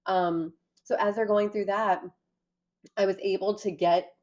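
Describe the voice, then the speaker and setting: Woman, mid-pitch, telling a personal story in an interview, earnest and animated. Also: measured pace, dull audio. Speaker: guest recounting an arrest. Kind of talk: personal account in a conversation.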